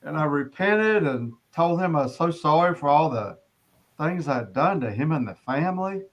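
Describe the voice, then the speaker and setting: A middle-aged man giving an earnest personal testimony as an interview guest, often halting and restarting his sentences. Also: a little high, expressive, lo-fi sound.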